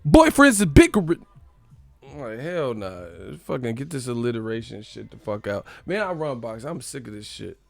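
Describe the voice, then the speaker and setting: Gravelly-voiced man, loose profane banter. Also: lively intonation, moderate pace, few pauses. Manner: profane, joking, mocking chat in silly high voices. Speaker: live stream host. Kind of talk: casual live-stream chat reading comments.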